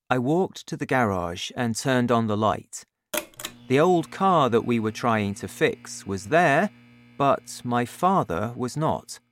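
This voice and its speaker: Audiobook narrator, unhurried, lively intonation, no room echo. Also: mid-range voice, clean studio sound. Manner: slow, clear, deliberate reading.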